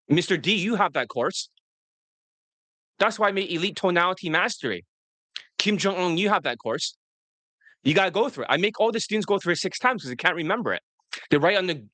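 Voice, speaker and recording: A man's voice: on the high side, pushed and bright, no echo. A man coaching on dating straight to the camera, blunt and profane, addressing his viewers directly.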